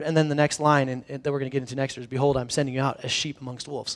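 A man with a fairly high voice delivers a sermon in a relaxed, talky way. He moves between reading scripture and animated asides, with a lot of back-and-forth energy in his delivery. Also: rapid-fire, few pauses. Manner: conversational, animated, acts out the disciples' reactions. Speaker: pastor.

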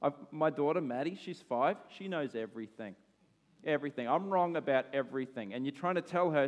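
Australian male pastor, thirties, casual animated sermon delivery, slightly high voice, echoing hall. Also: a little fast. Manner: animated and conversational, with asides and laughs. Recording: long hall reverb.

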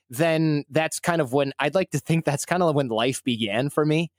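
A man's voice: on the high side, normal speed, no echo. Candid self-deprecating man, dry sound. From Michigan, USA. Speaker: guest. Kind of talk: casual conversational storytelling.

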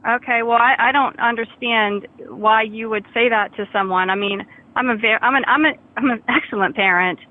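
A woman's voice: a little high, moderate pace. An indignant woman on a phone call, defensive and stumbling over her words as she complains. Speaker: prank call target. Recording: tinny phone line.

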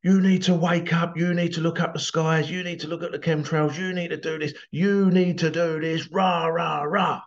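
A man voicing a preachy, aggressive online stranger who rants loudly and insistently. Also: on the high side, little pitch movement, moderate pace, hardly any pauses, dull audio, voice pushed up, lightly acted. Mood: ranting. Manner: loud, insistent, ranting.

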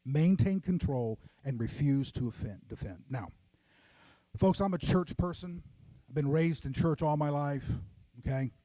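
A man's voice: a little high, expressive, measured pace, dark tone, no room sound. A middle-aged man preaching a sermon as pastor, emphatic and repetitive, often addressing the congregation as folks.

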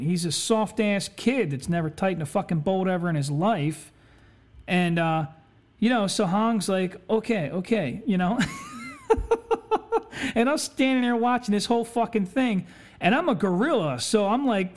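A man hosting a podcast, telling a story in a laid-back, chatty way, swearing constantly and saying "you know" a lot. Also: high voice. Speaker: podcast host. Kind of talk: casual storytelling.

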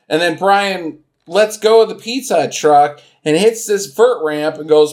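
A man co-hosting a casual comedy podcast, retelling a film's plot with loud sound effects and put-on voices. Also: a little high, a little slow, hardly any pauses. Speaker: podcast co-host. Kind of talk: casual comedic movie recap.

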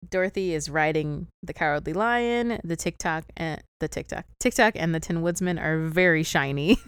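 Woman, casual film-recap chatter, laughs a lot; crisp, dry close sound. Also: low-pitched, normal speed, no echo. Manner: chatty plot recap, giggly. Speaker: podcast co-host recapping a film. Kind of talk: casual chat.

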